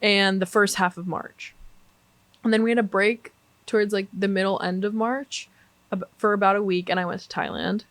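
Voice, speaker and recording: A young woman guesting on a podcast in casual chat, animated and swearing a lot. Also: medium pitch, moderate pace, no echo. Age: young adult.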